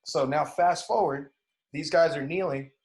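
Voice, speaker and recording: A podcast guest with a fairly high-pitched voice tells a story at a measured pace during a casual conversation. He's animated, acting out the dialogue as he retells it and swearing now and then.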